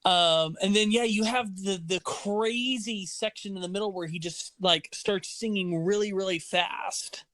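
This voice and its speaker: A man hosting a casual music podcast, enthusiastic and explaining songs with quick quoted asides. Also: high voice, fairly bright tone, dry recording. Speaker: podcast host.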